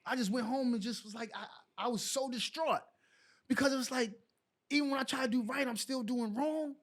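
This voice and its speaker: A middle-aged man from New York, a podcast guest and former pro basketball player, telling colloquial stories with animated dialogue. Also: very high voice, a little fast. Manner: colloquial, animated storyteller who acts out dialogue. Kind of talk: casual storytelling interview.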